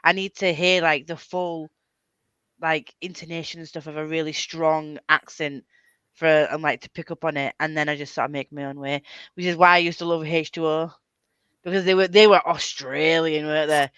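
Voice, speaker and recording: A woman rambles through a casual chat with friends, breaking into giggles often. Her voice is bright and forward, caught close in a dry space with a slightly dull, lo-fi quality. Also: low-pitched, steady tone, moderate pace, smooth, dry recording. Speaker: channel host. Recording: dull lo-fi sound.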